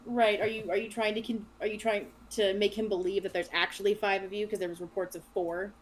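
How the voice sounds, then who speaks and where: Brief: brisk woman game master narrating a tabletop session. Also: mid-range voice, level tone, poor audio. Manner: brisk, directive. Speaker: dungeon master.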